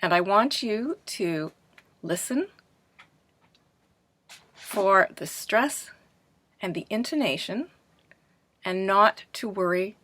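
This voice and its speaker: Slow, bright-voiced woman teaching a class. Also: mid-range voice. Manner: asks questions and answers for imagined students; clear, deliberate teacher delivery. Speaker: English pronunciation teacher.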